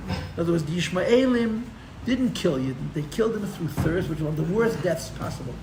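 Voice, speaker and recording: A man teaching a live Torah class as a rabbi, telling the story with animated, sarcastic humor and mixing in Hebrew and Yiddish terms. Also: sits high, brisk, roomy sound, background noise. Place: room for a live-streamed class.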